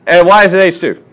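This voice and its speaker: A man tutoring a chemistry class, asking students questions as he works through problems in a classroom. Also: mid-range voice. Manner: lively, questioning teacher talk. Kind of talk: classroom lesson.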